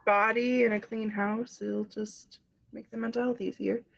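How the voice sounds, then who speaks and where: A young woman with a cold and slightly congested, a streamer guest chatting casually and quickly. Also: a little high, flat delivery, gravelly, lo-fi sound. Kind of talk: casual interview chat.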